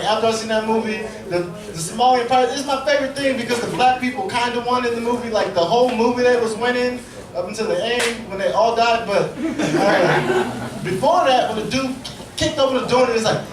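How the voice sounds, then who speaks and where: A man's voice: very high voice, a little fast. A man doing a crude stand-up comedy set in a club, telling stories with acted-out quotes. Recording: echoey club, far mic, loud crowd. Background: audience laughter.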